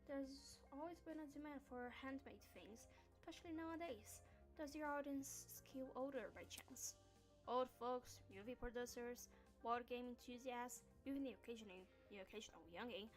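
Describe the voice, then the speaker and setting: A woman's voice: a little high, normal speed, faint music behind, natural voice. Woman putting on an accent for a proud blacksmith girl. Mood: warm, chatty. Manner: reads in a put-on accent. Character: proud cheerful young female blacksmith.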